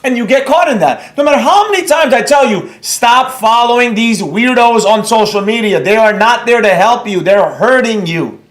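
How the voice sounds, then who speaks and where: A man's voice: very high-pitched, lively intonation, moderate pace, few pauses, reverberant. A man hosting a trading livestream, talking bluntly and brashly with some swearing while he reads out the chat. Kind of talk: live-stream rant, reading chat aloud.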